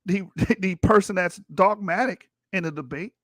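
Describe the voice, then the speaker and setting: A man's voice: sits high, normal speed, a bit bright, dry recording, clean studio sound. A man hosting a livestream, reading textbook passages aloud and arguing back at them in a combative, profane way. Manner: combative and profane, with rising intensity. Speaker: livestream host. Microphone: streaming mic.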